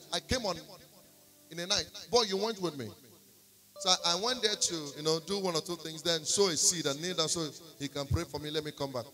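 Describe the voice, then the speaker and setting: A man with a Nigerian accent preaching a sermon in church, telling a testimony and slipping into pidgin. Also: sits high. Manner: storytelling, slipping into pidgin, rising to shouts and singing. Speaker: prophet preaching. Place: church service.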